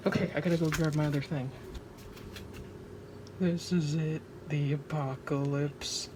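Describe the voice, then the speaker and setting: A woman's voice: sits low, fairly even intonation, moderate pace. A woman narrating her own craft project in a casual vlog, anxious, dramatic and joking at her own expense. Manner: anxious, dramatic, self-mocking. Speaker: vlogger. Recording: noisy home recording.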